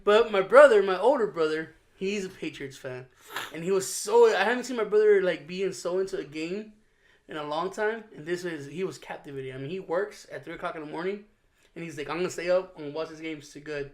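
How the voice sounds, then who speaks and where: High-voiced man telling stories. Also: a little fast. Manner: animated storyteller, laughs often. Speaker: podcast co-host. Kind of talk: casual chat.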